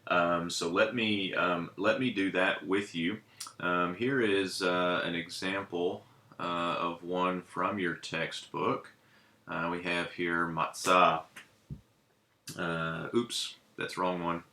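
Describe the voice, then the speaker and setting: Male teacher, low voice with a bright edge, halting and full of fillers, echoey room. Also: little pitch movement. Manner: hesitant, many ums and uhs while writing. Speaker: Hebrew teacher. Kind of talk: casual classroom lesson.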